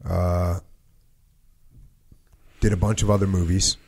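Male podcast host, low voice, steady book reading with brief comments. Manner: measured reading with spoken asides. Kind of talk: reading book passages aloud.

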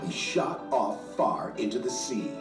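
A woman nursery school teacher reading a storybook aloud to children, slow and sing-song, pausing to ask them questions. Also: extremely low pitch, lively intonation. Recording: echoey room, mic far off, faint music.

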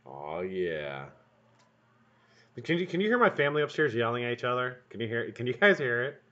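A man's voice: mid-range voice, big pitch swings, normal speed, bright, forceful tone. A man hosting a casual live stream from a room at home, chatting and swearing freely while building something at his bench. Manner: rambling, profane, joking asides to chat. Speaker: livestream host building vape coils. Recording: dull lo-fi stream audio.

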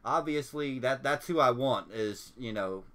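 A man's voice: medium pitch, measured pace, pushed and bright. A man giving easygoing commentary on a game, trailing off with little "so" and "I guess" asides. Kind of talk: casual gaming commentary.

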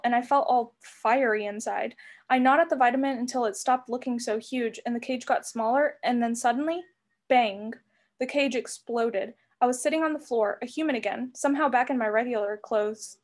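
A woman reading a novel aloud as narrator, with expressive storybook delivery. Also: fairly high pitch. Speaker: reader.

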